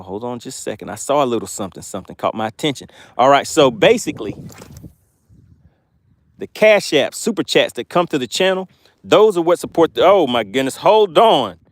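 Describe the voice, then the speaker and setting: A man hosting a fishing live stream outdoors, reading viewers' chat aloud in a playful, excitable way and laughing often. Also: mid-range voice, normal speed. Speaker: fishing channel host.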